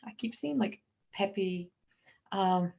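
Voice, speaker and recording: A woman doing a live psychic reading to camera, rambling and restarting as she relays messages. She talks straight into a webcam mic, at a middle pitch for a woman. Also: expressive, takes it slowly, gravelly, mellow. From Newfoundland, Canada. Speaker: psychic medium.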